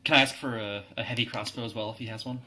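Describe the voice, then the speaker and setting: A man's voice: fairly low pitch, fairly even intonation, very fast, sharp tone, poor audio. A man playing a tabletop game who stammers and restarts often. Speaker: player. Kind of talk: in-character tabletop game play.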